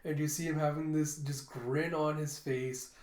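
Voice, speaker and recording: A man's voice: a little high, fairly even intonation, moderate pace, a little mellow. A man who hosts a comic readthrough, casually describing the panels with fillers along the way. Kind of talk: casual comic read-aloud narration. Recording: roomy echo.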